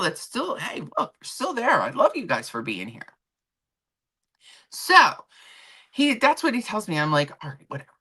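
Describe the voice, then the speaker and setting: A woman hosting a livestream, chatting casually and telling an animated story from work, acting out the people in it. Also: on the low side. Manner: animated storytelling with quoted voices; rambling with restarts and asides to chat. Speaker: livestream host. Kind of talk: casual chat. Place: home.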